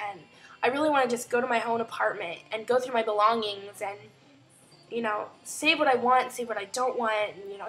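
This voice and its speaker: A woman's voice: fairly high pitch, fairly bright tone, rough recording. A young woman from Indiana talking in a casual, heartfelt personal vlog, rambling with lots of fillers. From Indiana, USA. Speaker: vlogger.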